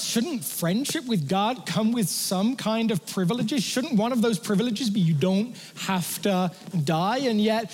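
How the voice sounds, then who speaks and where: A male pastor delivers a sermon in a church, his voice pitched fairly high for a man. He talks conversationally, dropping humorous asides to the congregation. A long reverb trails his words through the hall. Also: animated, a little slow, hardly any pauses.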